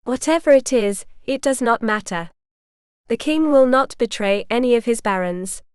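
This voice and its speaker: A woman's voice: a little high, moderate pace, clear, resonant tone, no echo, studio quality, natural voice. A woman voicing a stern, devoted young medieval nobleman, in a firm, reassuring way.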